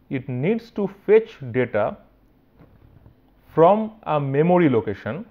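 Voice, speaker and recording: A male university lecturer with an Indian English accent walks through technical material step by step, often pausing to ask "right?". His voice sits a little high for a man. The recording sounds dull and lo-fi. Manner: explanatory, with frequent "right" and restarts.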